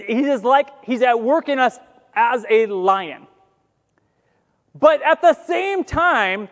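A man preaching a sermon as pastor, conversational with joking asides and animated quoting. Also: extremely high pitch, long reverb tail.

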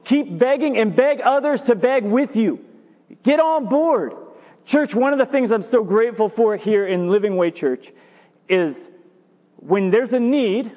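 A man preaching a sermon as pastor, animated and jokey, repeating his points for emphasis. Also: high-pitched. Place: church sanctuary. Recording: reverberant church hall.

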